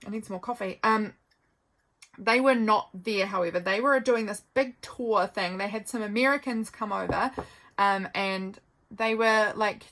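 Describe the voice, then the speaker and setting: A woman, chatting in a rambling, gentle and affectionate way with many ums while she flips through her journal. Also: mid-range voice, measured pace. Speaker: journaling vlogger.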